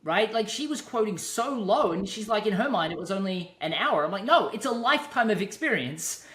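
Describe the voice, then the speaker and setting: A man's voice: high voice, expressive, a little fast, fairly bright tone, a little hiss or hum. A man hosting an interview, talking in a reflective way with frequent restarts. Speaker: podcast host. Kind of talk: casual interview chat. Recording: roomy echo.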